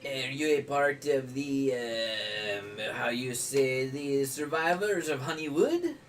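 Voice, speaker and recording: A man's voice: medium pitch, lively intonation, takes it slowly, distant mic, faint music behind. A man voicing a fussy male halfling innkeeper in a put-on mock French accent, polite and hesitant with many ums.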